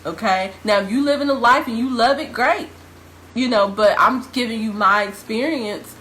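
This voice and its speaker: A woman's voice: a little high, normal speed, fairly bright tone, slight background noise, rough recording. A young adult woman vlogging, telling a personal story straight to her viewers in a casual, emphatic way and repeating phrases for stress. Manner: addresses viewers informally.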